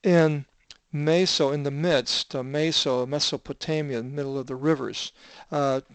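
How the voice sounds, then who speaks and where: An older man with a smooth yet gravelly voice teaches biblical Greek at a slow, halting pace. He fills his pauses with "uh" as he reads and spells out Greek words. The sound is dry and close. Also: a little high, steady tone, no room sound. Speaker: Bible translator teaching Greek.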